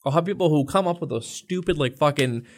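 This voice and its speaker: A man's voice: on the high side, quick pace. Give me a young man venting with a casual curse-laden story, imitating the people he talks about. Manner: profane, exasperated storytelling, acts out customers. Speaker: podcast co-host. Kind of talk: casual podcast chat.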